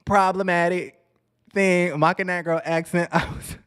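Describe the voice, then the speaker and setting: A man's voice: sits high, little pitch movement, a little slow, a bit bright, clean tone. A man hosting a casual commentary vlog on reality TV, sassy and chatty, talking straight to his viewers and calling them honey.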